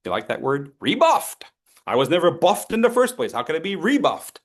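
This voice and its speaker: A man teaching as a speech coach, lively and playful, acting out his students and throwing in sound effects. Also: fairly high pitch, fast. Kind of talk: lively training talk.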